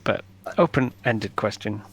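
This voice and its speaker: Relaxed man playing a tabletop game. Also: on the low side, a little slow, gravelly. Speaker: player. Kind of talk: casual chat in a tabletop game.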